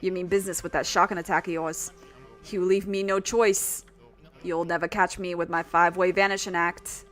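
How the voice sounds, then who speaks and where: A woman's voice: on the low side, little pitch movement, moderate pace, a bit bright, faint music behind, natural voice. A woman voicing a smug, boastful video game enemy, reading its taunts aloud. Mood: taunting. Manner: mocking, boastful.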